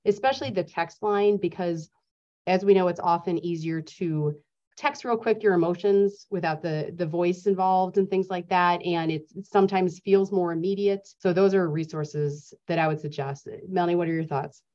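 A woman's voice: lowish voice, fairly even intonation, normal speed, mellow, lo-fi sound. A woman speaking as a podcast guest, instructive and emphatic as she explains prevention steps. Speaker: school mental health guest. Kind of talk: podcast interview.

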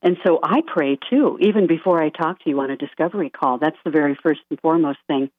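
A woman guest on a radio interview, a life coach, talking softly and earnestly and laughing lightly now and then. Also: deep voice, quick pace, no echo. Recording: dry tinny phone-line sound.

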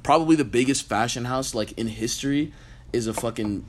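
A man's voice: medium pitch, a little fast, a little hiss or hum. A young man in casual chat, talking in an earnest, slangy way.

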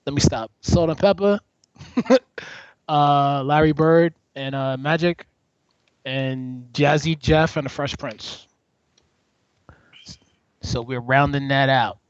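A man co-hosting a podcast in casual chat, animated and joking, often restarting his sentences. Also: medium pitch, takes it slowly, pauses often, smooth, dry recording. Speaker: podcast co-host. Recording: dry, dull lo-fi sound.

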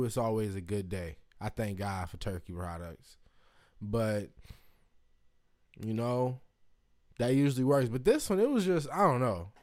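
Man, casual vlog chat, mid-pitched voice, rambling, cussing, sudden high whoops. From Indiana, United States. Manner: rambling and profane, with excited whoops and jumps into a high voice. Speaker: vlogger.

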